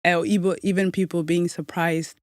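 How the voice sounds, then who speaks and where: A young adult woman from Somalia, raised in Norway, speaking as a podcast guest in a measured, reflective way. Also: lowish voice, level tone, no room sound, clean studio sound. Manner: measured and reflective, many soft "mm" replies. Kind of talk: conversational interview.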